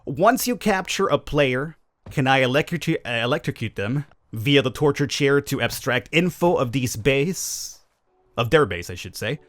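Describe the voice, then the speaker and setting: A man hosting a gaming channel answers viewer questions in casual, chatty commentary, opinionated and full of wry, self-aware, cynical asides. His voice is medium pitch, with no room sound.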